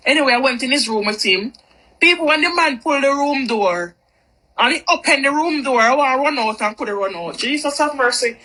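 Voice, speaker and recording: A woman with a high, bright voice spins a casual storytime tale. She is lively and repeats phrases for emphasis. Her tone has a forward, sharp edge. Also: fairly quick, poor audio.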